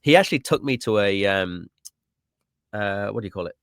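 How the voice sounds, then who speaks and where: A man, a sales coach guesting on a podcast, telling animated stories in casual conversation with frequent laughs. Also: lowish voice, smooth, no echo, clean studio sound. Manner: animated anecdotes, laughs often, quick restarts.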